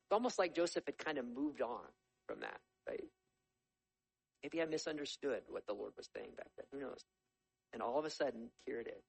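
A man preaching a sermon, reading scripture aloud and explaining it in a conversational, animated storytelling way. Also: medium pitch, fairly quick, vocal fry, breathy edge, low-quality recording. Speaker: pastor.

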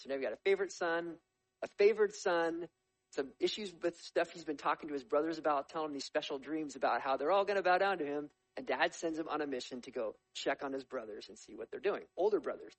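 Man preaching, tells the story lively with jokes on the side; slightly high voice, dry recording. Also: dry recording, rough recording. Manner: lively storytelling with humorous asides. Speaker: pastor. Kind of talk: sermon.

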